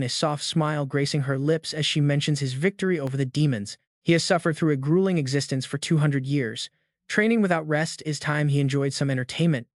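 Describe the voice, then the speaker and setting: A man's voice: a little high, dry recording. Dry-voiced male recap narrator. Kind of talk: scripted story narration.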